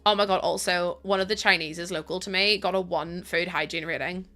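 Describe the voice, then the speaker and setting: Bright-voiced British woman streaming. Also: on the low side, brisk, soft background music. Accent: British English. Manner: chatty and expressive, swears freely, laughs often. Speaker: live streamer. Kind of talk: casual chat while gaming on stream.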